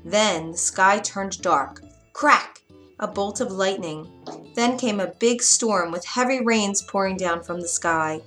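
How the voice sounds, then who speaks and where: Gentle woman reading a children's story. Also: medium pitch, a little slow, soft background music.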